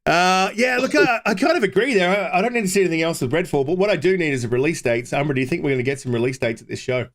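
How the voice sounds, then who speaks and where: A man's voice: a little high, animated, very fast, hardly any pauses, fairly bright tone. A man hosting a casual gaming podcast, teasing his guests and asking questions. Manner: joking, teasing, asks questions. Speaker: podcast host.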